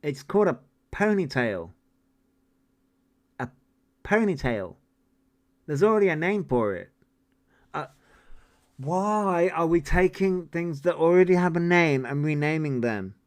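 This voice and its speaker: A man in his forties hosts a relaxed livestream, answering viewer comments as he rambles. His voice is smooth and clean, and he takes his time between swear-laden, disbelieving asides. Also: fairly high pitch, measured pace, pauses often. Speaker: livestream host. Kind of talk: casual livestream chat reading viewer comments.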